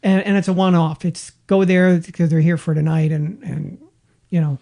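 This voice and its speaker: A man's voice: a little high, moderate pace, gravelly. A man co-hosting a casual podcast chat, rambling and acting out quotes as he tells stories. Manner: rambling, animated storyteller with acted-out quotes. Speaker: podcast co-host.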